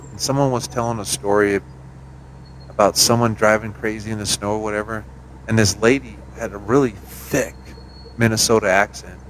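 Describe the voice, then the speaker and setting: A man from New Mexico hosting a casual live radio show, laid-back and quick to laugh, swearing casually as he tells stories. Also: lowish voice, slight background noise, low-quality recording. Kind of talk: casual live-stream chat.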